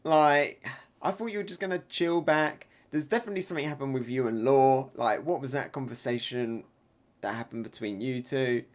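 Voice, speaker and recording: Excitable man reacting live. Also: medium pitch, moderate pace. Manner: excitable, laughs often, reads panels aloud. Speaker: manga reaction reviewer.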